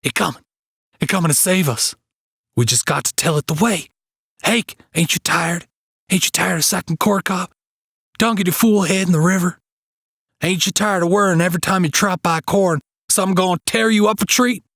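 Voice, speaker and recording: A man voicing a frantic young rural farmhand, pleading and rushing his words in broken backwoods speech. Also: sits high, vocal fry, a bit bright, no echo, clean studio sound, pitched above the performer's own voice, exaggerated voice.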